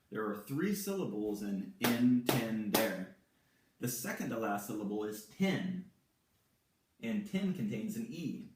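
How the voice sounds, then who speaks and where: A male Spanish teacher walking through verb forms at a whiteboard, slowly and patiently repeating each one. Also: medium pitch, a little mellow, a little hiss or hum. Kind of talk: whiteboard grammar lesson. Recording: echoey room, mic far off.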